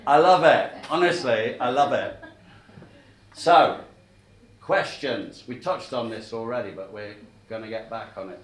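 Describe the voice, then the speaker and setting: A man's voice: mid-range voice, a little slow, a little hiss or hum. A middle-aged man giving a sales training talk, telling stories and checking in with the room as he goes. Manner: chatty, checks in with the room often. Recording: echoey room, mic at a distance.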